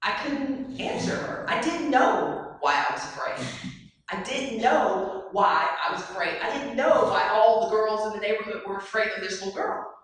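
A woman giving an animated motivational speech, telling stories and putting questions to an audience in a large hall. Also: medium pitch, normal speed. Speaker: motivational speaker. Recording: very echoey hall, far mic.

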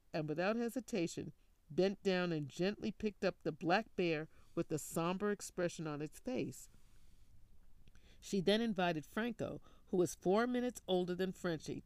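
Storyteller, steady scripted narration, gravelly voice, dry close sound. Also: medium pitch, unhurried, no echo.

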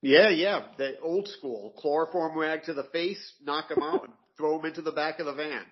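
A man's voice: fairly high pitch, moderate pace, muffled recording. A man co-hosting a comics podcast in casual chat, describing pages enthusiastically with many fillers.

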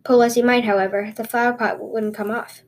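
Woman with a highish voice reading fairy tales. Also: fairly quick, a little hiss or hum. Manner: expressive, with small stumbles and restarts. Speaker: podcast host and storyteller.

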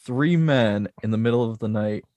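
A man's voice: fairly low pitch, normal speed, a little mellow, no echo. Amused man recapping a movie. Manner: laughs often, amused. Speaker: podcast co-host. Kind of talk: casual film discussion.

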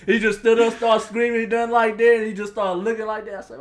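A man's voice: high voice, quick pace, few pauses. A young man co-hosting a casual sports chat in a laid-back, laughing way. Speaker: podcast co-host.

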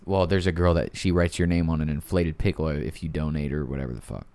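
A man's voice: very deep voice, quick pace, gravelly, darkish tone, clean tone. A man hosting a podcast, talking in brash, crude, teasing banter with his co-hosts. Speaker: podcast host.

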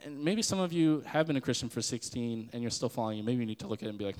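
A man's voice: a little high, very animated, very fast, hardly any pauses, big-room sound. A man in his twenties giving a casual spoken sermon as a podcast host, earnest and conversational. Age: 20s. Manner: earnest and conversational, with frequent laughs and fillers.

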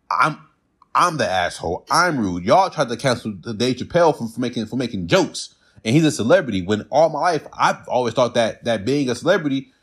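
A man's voice: medium pitch, breathy edge. A man ranting bluntly and profanely in a casual monologue, mocking others with put-on quotes.

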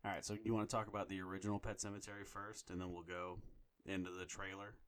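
Lower-voiced man telling profane stories. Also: quick pace. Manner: profane, animated storyteller. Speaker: podcast co-host. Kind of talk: casual chat.

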